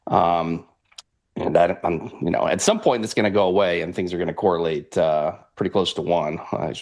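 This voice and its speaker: A man talking through futures charts in a rambling, animated way, laughing often. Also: deep voice, moderate pace. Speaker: futures trader guest. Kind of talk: casual market analysis chat.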